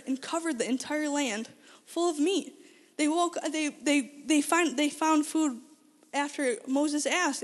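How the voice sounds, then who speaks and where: High voiced lady teaching a bible lesson, chatty, restarts a lot, big echoey hall. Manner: lively storytelling, frequent restarts, asks audience questions. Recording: long hall reverb.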